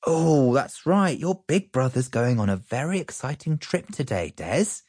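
A man's voice: medium pitch, sing-song, unhurried, a little mellow, husky, no echo, studio quality, voice pushed up. A man voicing an exhausted mum in a raised, sighing voice. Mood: tired. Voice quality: sighing and tired. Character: tired, exasperated British mum.

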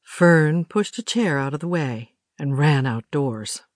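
A woman narrating a children's story audiobook in a steady, measured way. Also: sits low, dry recording, studio quality.

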